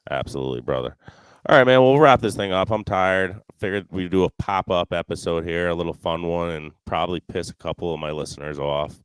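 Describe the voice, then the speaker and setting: A man's voice: sits low, brisk, clean tone, no room sound. A man hosting a casual podcast, telling stories in a rambling way with lots of fillers and restarts. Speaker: podcast host.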